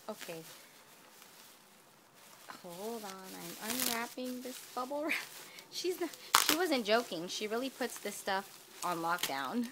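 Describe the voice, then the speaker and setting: A woman's voice: medium pitch, slow pace, long pauses, heavy background noise. Breathless, gushing woman vlogger. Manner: gushing, breathless, excitable, gasping and whispering in awe. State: hot and out of breath. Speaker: vlogger opening a craft swap package. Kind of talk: casual unboxing vlog.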